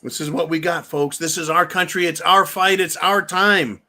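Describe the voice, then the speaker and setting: Male livestream host, bright and a bit high, loose rambling delivery with casual swearing. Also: steady tone, normal speed. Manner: loose, rambling, swears, takes shots on air. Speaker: live stream host. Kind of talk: casual political livestream talk.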